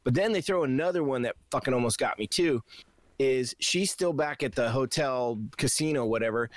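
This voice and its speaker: Male podcast co-host, casual movie recap, profane and animated, dry close sound. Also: mid-range voice, moderate pace, no echo. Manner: animated, profane storytelling, acts out reactions. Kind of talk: casual movie review chat.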